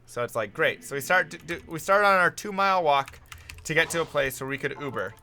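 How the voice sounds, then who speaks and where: A man's voice: fairly high pitch, animated, a little fast, pushed and bright, a little hiss or hum. A man telling a rambling, self-mocking story in casual chat while streaming a game.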